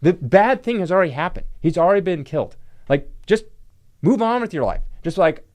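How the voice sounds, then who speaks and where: A man's voice: on the high side, big pitch swings, normal speed, darkish tone. A man hosting his own channel, talking to camera in an indignant, rambling way and leaning on the word "like". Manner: indignant, rambling, heavy use of "like". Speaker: channel host, comic book collector. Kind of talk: casual opinion rant to camera.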